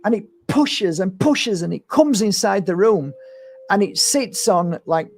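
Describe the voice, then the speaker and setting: A middle-aged man, an energy healer talking to his audience in a casual, animated monologue, sometimes swearing and acting out what people said. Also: high-pitched, unhurried, slight background noise. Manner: animated storytelling, swears, acts out voices. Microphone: streaming setup.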